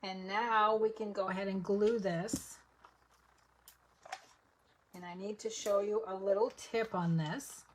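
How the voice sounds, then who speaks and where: Woman, mid-pitched, craft teacher on a live stream, chatty step-by-step patter, light background noise. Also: fairly even intonation, slow, long pauses. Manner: chatty, step-by-step, talks to viewers while working. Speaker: papercraft instructor.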